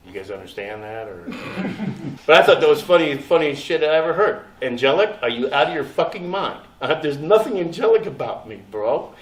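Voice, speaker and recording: A man being interviewed about his acting past, telling stories in a profane, animated way and laughing often. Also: fairly high pitch, normal speed. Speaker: interviewed actor. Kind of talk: casual storytelling interview. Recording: echoey room, distant mic, faint noise.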